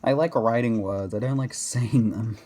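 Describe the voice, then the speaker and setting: A man's voice: medium pitch, moderate pace, mellow. An Australian man chatting casually over gameplay, rambling and self-correcting with laughs. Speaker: gaming video host.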